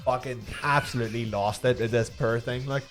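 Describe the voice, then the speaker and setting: A man's voice: mid-range voice, fairly even intonation, a little fast, music in the background. A young man with a Northern Irish accent, co-hosting a talk show and telling a rambling, sweary story while laughing through it. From Northern Ireland. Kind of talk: casual storytelling chat.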